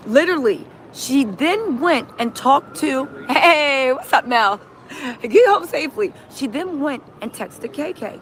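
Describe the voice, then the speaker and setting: A woman's voice: a little slow, a little hiss or hum. A woman hosting a live reaction stream, talking animatedly and reading out viewer comments. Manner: animated, acts out quotes in a shrill yelling voice; reads viewer comments and greets chat.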